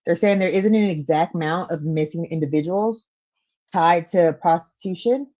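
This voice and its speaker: A woman co-hosting a casual livestream, reading out facts and phone numbers slowly and greeting the chat. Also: low-pitched, dark tone. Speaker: podcast co-host. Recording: dull lo-fi stream audio.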